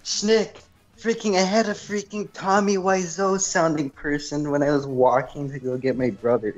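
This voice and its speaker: A man's voice: a little high, steady tone, moderate pace, dull audio, soft background music. A young man chatting casually at home, telling a long rambling story and saying "freaking" a lot. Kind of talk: casual chat.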